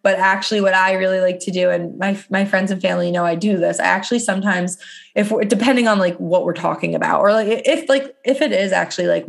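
A young woman co-hosting a podcast, talking casually and chattily with lots of "like" and animated asides. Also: medium pitch, normal speed, vocal fry. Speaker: podcast co-host, dietitian.

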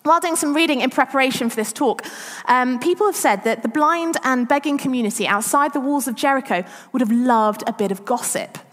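A woman's voice: high voice, a little fast, fairly bright tone. A woman giving a chatty, self-deprecating church talk as preacher. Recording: long reverb of a church hall.

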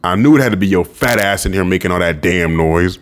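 A man reading an audiobook and voicing a raspy, crude, scornful middle-aged bully, with lines that snap and sneer. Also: low-pitched, brisk, lightly acted. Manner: sneering, snapping, roaring. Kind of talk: audiobook character voice.

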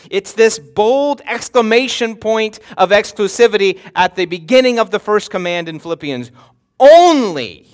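A man preaching a sermon in an earnest manner, stumbling over repeated words and slowing down to press on key phrases. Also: high voice. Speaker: pastor.

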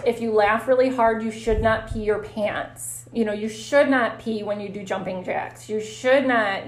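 A woman physical therapist telling stories in a casual interview, animated and quick to laugh. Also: medium pitch. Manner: animated, laughs often, acts out her own reactions. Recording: roomy echo.

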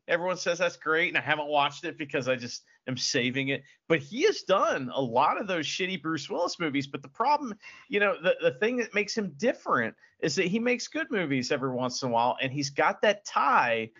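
A man co-hosting a podcast, chatting casually and excitably about films, swearing and laughing often. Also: fairly high pitch, normal speed, lo-fi sound. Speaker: podcast co-host. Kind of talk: casual film review chat.

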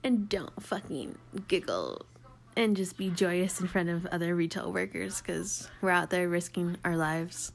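A woman's voice: fairly low pitch, a little slow, vocal fry. Crude, candid young woman podcaster. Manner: candid, crude, animated storyteller. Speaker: podcast co-host. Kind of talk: casual podcast chat.

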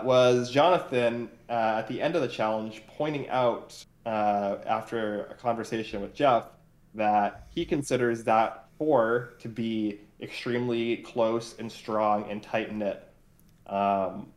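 A man co-hosting a casual recap discussion, talking in a hesitant way with many filler sounds. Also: medium pitch. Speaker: podcast co-host. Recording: roomy echoey room.

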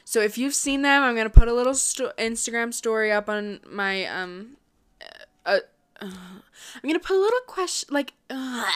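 A young woman vlogger chatting casually to her viewers, quick and upbeat, with lots of fillers. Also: mid-range voice, fairly bright tone, clear, resonant tone. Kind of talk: casual chat.

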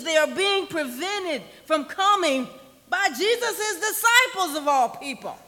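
A woman pastor, preaching a sermon in a conversational style that sometimes drops to a soft near-whisper for emphasis. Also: very high voice, big-room sound. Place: church sanctuary.

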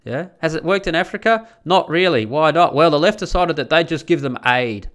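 A man's voice: on the high side, lively intonation, brisk, fairly bright tone. A man delivering a crude, combative monologue full of rhetorical questions. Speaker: commentator. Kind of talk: ranting monologue.

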